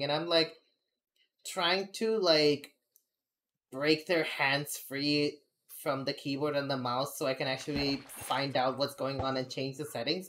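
A young adult woman streaming, chatting casually and venting candidly, rambling with frequent laughs. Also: a bass voice. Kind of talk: casual live-stream chat.

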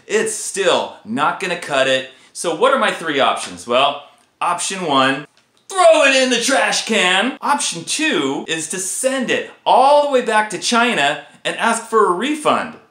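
A man hosting a casual guitar vlog, ranting in an animated, exasperated way about a faulty guitar. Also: sits high, measured pace, roomy sound. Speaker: guitar video host.

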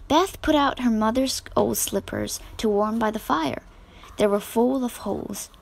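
A woman reading a children's storybook aloud with steady expression. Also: on the high side, a little slow, vocal fry. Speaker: narrator.

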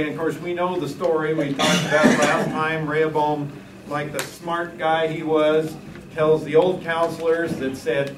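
A man teaching a Sunday school Bible class, animated and full of joking asides. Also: a little high, a little slow. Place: church classroom. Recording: echoey room, distant mic, faint hiss.

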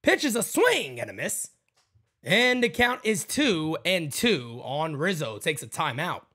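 A man hosting a fan livestream, calling a baseball game pitch by pitch in a casual, excitable way and chatting with viewers between plays. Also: measured pace, husky. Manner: excitable, jumps to loud calls on big plays. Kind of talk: casual play-by-play with chat shout-outs.

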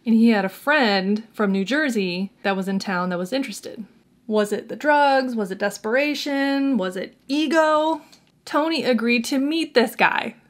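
A woman YouTuber telling a true crime story in a casual, chatty way, with sarcastic, mocking asides. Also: mid-range voice.

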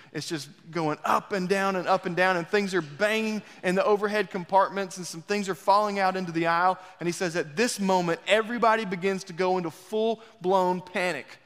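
A man preaching a sermon in a church, telling a story dramatically and swinging between loud rises and hushed, quiet passages. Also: a little high. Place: church sanctuary. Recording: long reverb of a church hall.

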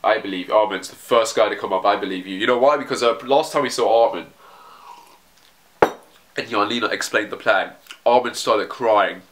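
A man's voice: on the low side, moderate pace, noisy background. Rambling man doing a manga reaction. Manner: rambling, with frequent restarts and swearing. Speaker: manga reaction video host. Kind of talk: casual reaction commentary.

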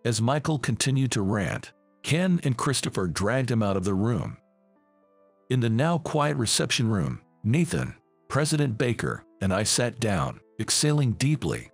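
A man narrates a scripted first-person story in an earnest tone. His voice has a gravelly grain and a lively rise and fall. It is recorded dry, with faint music underneath. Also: mid-range voice, unhurried, no echo.

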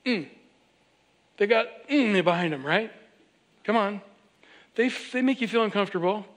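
A man preaching a sermon as pastor, in a conversational and animated way, speaking straight to his congregation with repeated direct questions. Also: sits high, normal speed. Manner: acts out quoted voices of others.

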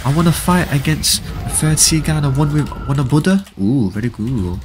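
A man's voice: fairly high pitch, lively intonation, normal speed, noisy background. A man hosting a casual live gaming stream, reading viewers' chat aloud, answering it and repeating short stock praise in a laid-back way. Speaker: livestream host.

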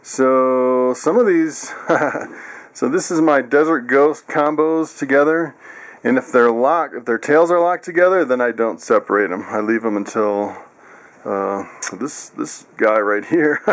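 A man casually walking viewers through his animals in a vlog, chatty and laughing often. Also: measured pace. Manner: coos in high excited tones at pets. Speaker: vlogger.

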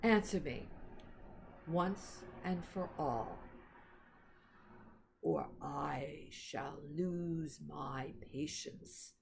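A woman's voice: deep voice, vocal fry, a little hiss or hum, pitched below the performer's own voice, full character voice. A woman doing a haughty witch queen. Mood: impatient. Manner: haughty, slow and menacing. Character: cold imperious female queen, a witch. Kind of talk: storybook read-aloud.

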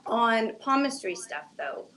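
A woman hosting an interview, asking short questions and adding quick interjections. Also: fairly high pitch, big pitch swings, a bit bright, slight background noise. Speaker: interviewer host.

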